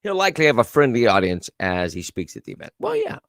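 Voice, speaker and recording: Male host, casual sarcastic commentary, animated delivery, dead dry room. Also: on the low side, quick pace, no echo. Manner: sarcastic, reads viewer comments and news aloud. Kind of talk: casual live-stream commentary.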